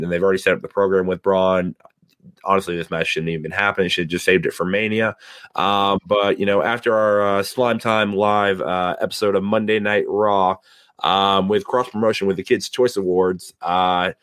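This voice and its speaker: A man's voice: deep voice, a bit bright, clean tone, no echo, clean studio sound. A man hosting a casual podcast, joking and teasing his co-hosts in loose, rambling talk. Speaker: podcast host. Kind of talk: casual chat.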